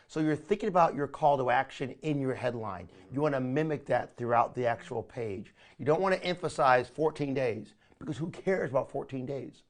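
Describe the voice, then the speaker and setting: A man leading a recorded training session, talking in an energetic, coaching way and often calling listeners "my friend". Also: mid-range voice, normal speed, hardly any pauses. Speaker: online marketing trainer.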